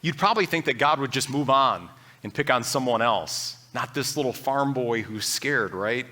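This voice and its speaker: A man delivering a church sermon in an earnest, conversational way, slipping into people's inner doubts as he goes. His voice sits in a middle pitch range and has a bright, forceful edge that carries his points. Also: moderate pace. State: briefly choked up. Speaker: pastor.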